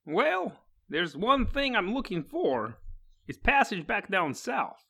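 A man's voice: high-pitched, big pitch swings, slow, vocal fry, sharp tone. A man chatting casually as a player in a tabletop game, loose and swearing.

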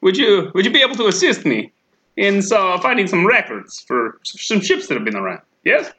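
Man doing a flattering smooth-talking rogue, bright lively voice, theatrical oily charm. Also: sits high, fairly quick, voice pushed up, heavily acted. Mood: flirtatious. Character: flirtatious smooth-talking male adventurer Cavill.

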